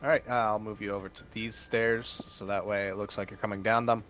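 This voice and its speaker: A man's voice: lowish voice, level tone, brisk, fairly bright tone, soft background music. A man narrating as game master of a tabletop game, chatty and hesitant, often laughing.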